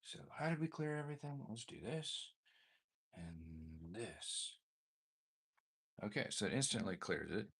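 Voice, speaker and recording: A man's voice: lowish voice, expressive, a little slow, pauses often, a bit bright, breathy edge. A man casually testing a guitar effects pedal, muttering to himself as he fiddles and making mildly exasperated asides. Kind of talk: casual gear demo, thinking aloud.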